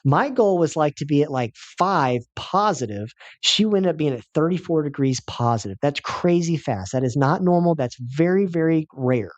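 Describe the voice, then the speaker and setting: A man's voice: fairly high pitch, lively intonation, normal speed, hardly any pauses, dry recording, lo-fi sound. A man giving a health seminar as a chiropractor, telling a patient's story with emphatic, repetitive phrasing.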